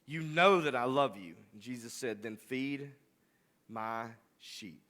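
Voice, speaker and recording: A man's voice: medium pitch, slow pace, a bit bright. A man preaching a sermon, rising to impassioned, emphatic delivery. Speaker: pastor.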